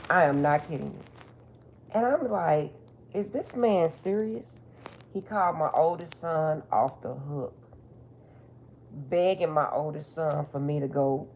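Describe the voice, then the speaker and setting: A middle-aged woman who works as a spiritual reader tells a personal story in a casual monologue, blunt, emphatic and profane. Her voice sits low and warm, with a little hiss or hum on the recording.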